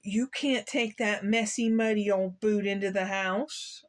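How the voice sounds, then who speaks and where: A mother dog in a storybook speaks gently yet firmly to her puppies, as a woman reads her lines. She sounds patient and motherly, with a calm, steady tone. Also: medium pitch, measured pace, natural voice. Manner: gently scolding, firm.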